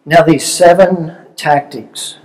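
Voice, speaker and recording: An older man leads a relationship seminar in an easy, conversational way. His voice sits a little higher than most men's, and he tells homely stories while checking in with his listeners. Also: fairly even intonation, takes it slowly, low-quality recording. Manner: conversational, storytelling, asks audience questions. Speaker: seminar speaker.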